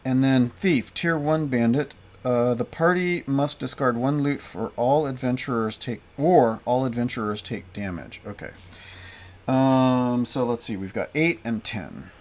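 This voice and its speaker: A man casually playing a solo card game and reading its story aloud, with lots of fillers and restarts. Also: mid-range voice. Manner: halting, many fillers and restarts. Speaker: solo game player and narrator. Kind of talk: casual play-through narration.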